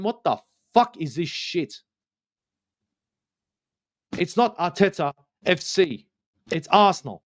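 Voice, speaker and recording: A man, ranting passionately about football on a live fan stream, swearing often and repeating his points for emphasis. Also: high-pitched.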